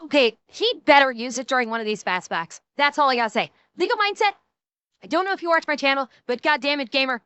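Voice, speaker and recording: Woman streamer with a high, bright voice and a dry, close sound; emphatic, ranting, swears freely. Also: expressive, no echo. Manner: quick shifts between mocking and serious. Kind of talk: casual reaction stream commentary.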